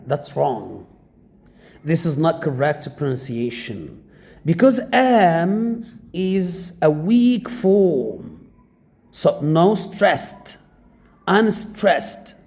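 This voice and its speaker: A man's voice: on the high side, sing-song, darkish tone. A man with an Arabic accent teaching English pronunciation to beginners, repeating each drilled word several times. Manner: slow, drills words by repeating them.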